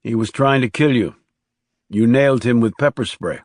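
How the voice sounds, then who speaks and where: A man's voice: mid-range voice, normal speed, dry recording, clean studio sound, close to an everyday voice. A man narrating an audiobook voices a tough male assassin with a terse, clipped delivery.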